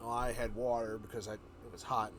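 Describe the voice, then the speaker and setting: A man on a livestream telling a story in a loose, rambling way, often correcting himself and slipping into quick voices for the characters. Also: on the low side, level tone, background noise. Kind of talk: casual storytelling chat.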